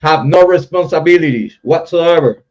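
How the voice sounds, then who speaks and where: On a casual livestream, a man with a highish, slightly mellow voice talks at a moderate pace, reading out viewer comments and ranting about other content creators straight to chat. The audio is dull and lo-fi.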